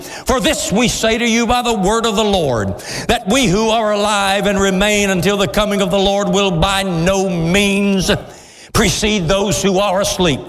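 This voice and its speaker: A male pastor preaching a sermon, building to sudden shouts, with a congregation calling back. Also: high voice, unhurried. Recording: echoey hall with crowd responses. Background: congregation calling out responses.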